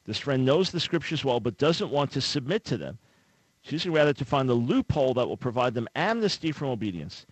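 Man, radio talk show host, earnest conversational delivery, mid-pitched voice, dry studio sound. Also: big pitch swings, fairly quick, slightly rough, no echo, low-quality recording. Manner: earnest, conversational, acts out imagined callers.

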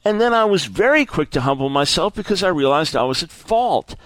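A man preaching a sermon in an earnest, lively way, often repeating words and stumbling as he builds his point. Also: fairly high pitch, brisk, dry recording.

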